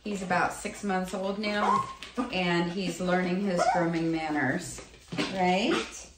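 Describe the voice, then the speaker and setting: A woman's voice: lowish voice, little pitch movement, a little slow. A woman dog groomer talking casually through a grooming session, switching to coaxing sing-song baby talk with the dog. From United States. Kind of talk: casual instructional narration. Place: grooming salon. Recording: echoey room with clipper noise.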